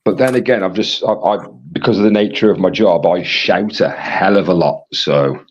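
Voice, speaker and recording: A man with a husky voice, casually reading viewer comments aloud as co-host of a live stream. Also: low voice, normal speed, lo-fi sound.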